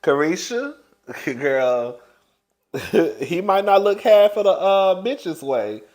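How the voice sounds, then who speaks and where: A man's voice: high voice, big pitch swings, takes it slowly, darkish tone. A man giving casual, sassy celebrity gossip commentary, laughing often and calling his listeners "girl". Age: older than young adult.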